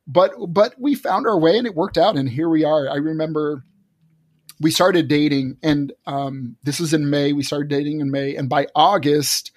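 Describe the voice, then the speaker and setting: Husky man telling a personal story. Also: fairly high pitch, darkish tone, no room sound, studio quality. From Texas. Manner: earnest, many restarts. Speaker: guest.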